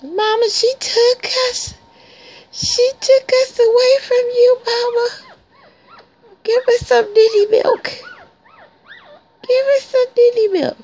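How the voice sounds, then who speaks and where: A woman's voice: very high-pitched, steady tone, slow, pauses often, darkish tone, pitched above the performer's own voice, exaggerated voice. A woman voicing a small, demanding newborn puppy that complains and pleads in a baby voice. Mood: pleading. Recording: dull lo-fi recording.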